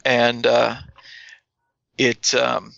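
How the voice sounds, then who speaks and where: A man co-hosting a podcast in casual, animated chat, swearing freely. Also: medium pitch, drawn-out words, creaky, no room sound, dull audio. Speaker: podcast co-host.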